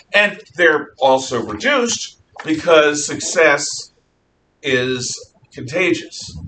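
A man teaching a history class, lecturing in a lively way and acting out quotes, recorded from far off in a classroom with some hiss. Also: fairly high pitch. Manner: animated, acts out quotes.

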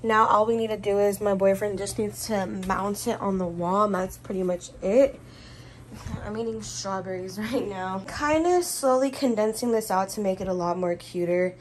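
A woman's voice: medium pitch, normal speed, hardly any pauses, poor audio. A young, heavily pregnant woman chats her way through a tour of her baby's corner at home. She gushes over small things, corrects herself often and sounds a little out of breath. Faint background noise sits under her voice. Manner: chatty, self-correcting, gushing. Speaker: vlogger. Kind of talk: casual room tour.

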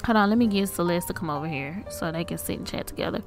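A woman's voice: on the low side, fast, faint music behind. A woman casually narrating a life-sim game, chatty and amused, talking to the characters on screen. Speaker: game streamer.

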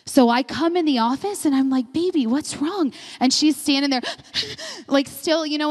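Laughing, storytelling woman pastor preaching. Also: high-pitched. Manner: animated storyteller, laughs often mid-sentence. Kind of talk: sermon with personal storytelling. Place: church sanctuary. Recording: long reverb of a large hall.

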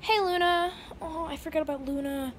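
A teenage girl vlogs from home on a handheld phone. Her voice sits high, and she sounds frightened and jittery, slipping into breathy asides. Faint ambient noise sits behind her. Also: steady tone, moderate pace. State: frightened and shaking. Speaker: vlogger. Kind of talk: casual vlog. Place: indoors at home by a window.

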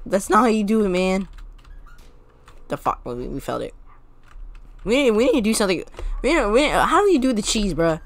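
A woman chatting frantically while playing a co-op cooking game, swearing, laughing and shouting orders at her teammate. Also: mid-range voice, sing-song, brisk, long pauses. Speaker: gamer. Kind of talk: casual co-op gameplay chat.

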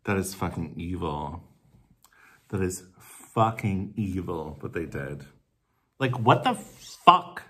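With a low, breathy-edged voice that's fairly bright and swings widely in pitch, a man acts as a supportive friend in a comedy sketch filmed at his home in the city. Addressing the camera, he gushes and coaxes sympathetically with drawn-out emphasis, then lets loose in indignant swearing.

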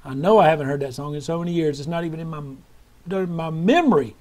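A man's voice: fairly high pitch, fast talker, darkish tone. A middle-aged man preaching a sermon with fervent hallelujahs and praise, sometimes breaking into song.

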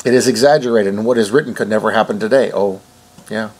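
Male commentator with a husky, low voice. Reads news, then rebuts it indignantly. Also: racing, a little mellow. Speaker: online commentator. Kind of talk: reading news aloud with commentary.

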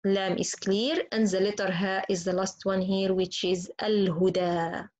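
A woman teaching Quran recitation, slowly and patiently repeating each example word. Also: mid-range voice, level tone, darkish tone, dull audio. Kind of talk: slow tajweed lesson with spoken examples.

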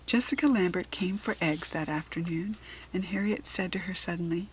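A woman with an American accent reading a children's chapter book aloud at a clear, steady pace. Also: fairly low pitch, moderate pace, slight background noise, rough recording. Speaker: storybook reader.

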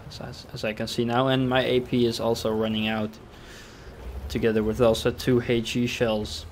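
A man's voice: medium pitch, a little hiss or hum. A young man casually commenting over his own tank game replay, thinking aloud with fillers and restarts. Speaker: gameplay commentator.

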